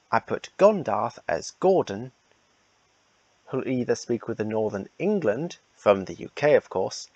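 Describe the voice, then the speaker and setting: A man's voice: mid-range voice, gravelly, slightly rough, no echo, dull audio. A man casually announcing the casting for a fan redub, rambling and repeating himself.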